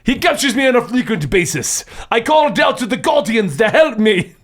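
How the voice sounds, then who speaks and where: A man's voice: very high-pitched, very animated, moderate pace, fairly bright tone, full character voice. A man doing a talking dog with a thick put-on accent. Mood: pleading.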